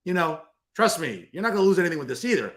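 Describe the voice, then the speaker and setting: A man's voice: on the high side, sing-song, rapid-fire, fairly bright tone. A man hosting a political talk show, ranting in a combative, sarcastic way that keeps repeating itself. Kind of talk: political commentary rant.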